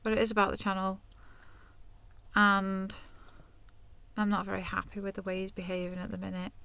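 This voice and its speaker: A woman's voice: medium pitch, monotone, moderate pace, vocal fry, bright, forceful tone, clean tone. A woman talking candidly and chattily to camera in a casual vlog from inside her van. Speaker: vlogger.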